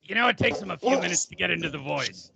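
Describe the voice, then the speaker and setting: A man doing a gravelly crude old promoter. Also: high-pitched, sing-song, quick pace, crowd noise, heavily acted. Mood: mock-formal. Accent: New York. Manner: crude, rambling, self-mocking. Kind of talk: comic impression on a sports radio show.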